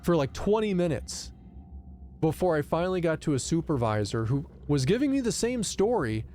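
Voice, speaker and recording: A man streaming a video game, telling stories in a loose, animated way and cursing often in casual commentary. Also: on the high side, moderate pace, slight background noise. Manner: animated storytelling, profane rants.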